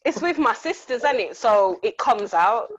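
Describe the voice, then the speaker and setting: A woman from the Black Country, a podcaster guest telling animated stories in casual chat. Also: on the high side, moderate pace, dull audio. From Black Country, England. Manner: animated storyteller, mimics voices. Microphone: video call.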